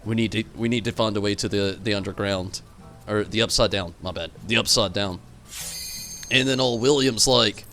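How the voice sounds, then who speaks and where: A man's voice: mid-range voice, expressive, normal speed, a bit bright, soft background music. A man streaming a game live, rambling animatedly, answering chat and swearing casually. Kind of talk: live gameplay stream commentary.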